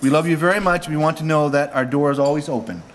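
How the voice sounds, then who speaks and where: A man's voice: a little high, fast, slight background noise. A man from Canada giving a joking wedding speech at a reception, reading prepared lines with humor. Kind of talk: wedding toast.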